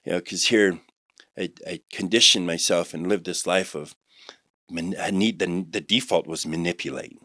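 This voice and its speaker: A man in his forties telling his life testimony on a podcast, rambling with many restarts and turning animated when he quotes others. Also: sits low, moderate pace, dry recording, studio quality. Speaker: guest sharing a testimony.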